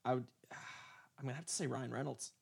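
A man appearing as a podcast guest, trading deadpan one-liners in casual banter. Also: mid-range voice, fast talker, vocal fry, breathy edge.

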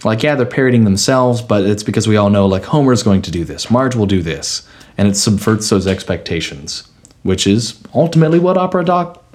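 Man, lowish voice, podcast co-host, casual chat, analytical and playful. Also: fairly quick, a little mellow, a little hiss or hum. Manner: analytical, playful, talks through ideas at length.

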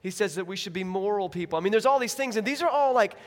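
A man's voice: high-pitched, fast talker, long reverb tail. A man preaching a sermon as pastor, telling stories animatedly and acting out the people in them. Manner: animated storytelling with acted-out quotes. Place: church.

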